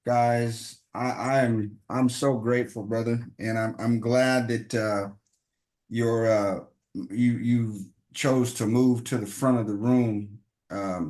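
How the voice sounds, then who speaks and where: A man hosting an online training call, speaking haltingly with many restarts and calling the guest brother. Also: medium pitch, fairly even intonation, a little mellow. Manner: halting, full of restarts, calls people brother. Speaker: host of the call.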